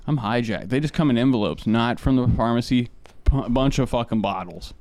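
A man's voice: medium pitch, a little fast, a little mellow, no room sound. A man hosting a podcast, telling rambling, profane stories in casual chat. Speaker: podcast host.

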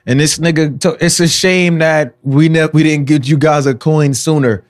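A man's voice: a little high, fairly even intonation, normal speed. A male podcast co-host, joking bluntly and profanely in casual chat.

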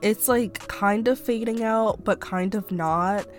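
A woman's voice: medium pitch, slow pace, soft background music. Chatty young woman getting over a cold. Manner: rambling, chatty, many fillers like "um" and "like". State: recovering from a cold, slightly stuffy-nosed. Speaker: podcast host. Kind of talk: casual personal podcast monologue.

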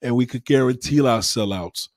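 A man's voice: medium pitch, normal speed, a little mellow, no echo, clean studio sound, natural voice. A man voicing a smug, scheming male brand executive in a matter-of-fact tone.

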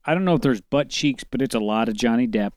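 A man's voice: mid-range voice, fast talker, a little mellow, no echo. A man co-hosting a podcast in casual chat, crude and wisecracking with lots of profanity. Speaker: podcast co-host.

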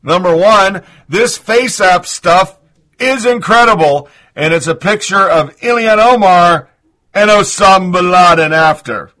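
A man's voice: high-pitched, a little slow, sharp tone. A man hosting a commentary show, reading listener messages and news with a sarcastic edge. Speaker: host.

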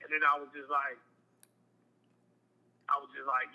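A man's voice: medium pitch, flat delivery, a little slow, narrow, tinny audio. A man candidly telling a personal story in casual, slangy talk, often repeating himself. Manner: candid, emotional, repetitive, slangy.

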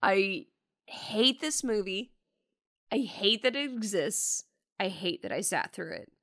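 A woman's voice: medium pitch, lively intonation, slow pace, fairly bright tone. A woman co-hosting a casual podcast, ranting about a bad movie and reading out her angry notes with plenty of swearing. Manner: exasperated, profane, reads out her notes. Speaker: podcast co-host. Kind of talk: casual movie review chat.

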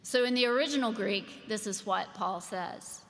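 A woman preaching a sermon, slow and deliberate, leaning on emphatic pauses to land her points. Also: medium pitch, fairly bright tone. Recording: long reverb of a large hall.

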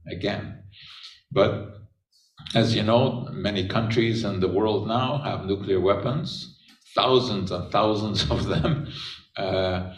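Older guy giving a science talk, lots of uh and of course, kinda low voice, echoey room. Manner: conversational, frequent "uh" and "of course". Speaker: science lecturer. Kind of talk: public science lecture. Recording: echoey hall from far off.

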